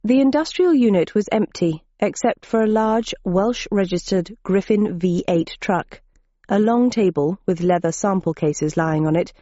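A woman's voice: on the low side, mellow, no echo. A woman narrating an audiobook in first person, with dry, wry storytelling on a dull lo-fi recording.

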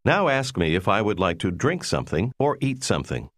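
A man with a fairly low voice narrates a language lesson. His delivery is scripted and instructive, and the pitch moves about a lot as he gives each prompt. The recording is dry and close. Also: big pitch swings, fairly quick, fairly bright tone, no room sound.

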